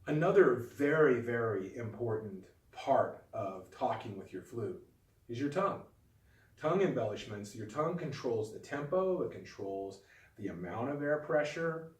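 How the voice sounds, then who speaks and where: A man teaches in a calm, patient way, talking students through each technique step by step. His mid-pitched voice sits some distance from the mic. The room around him rings with a clear echo. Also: normal speed. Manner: calm, patient, demonstrative explaining. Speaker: flute teacher. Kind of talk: instructional video lesson. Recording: echoey room, voice a bit off-mic.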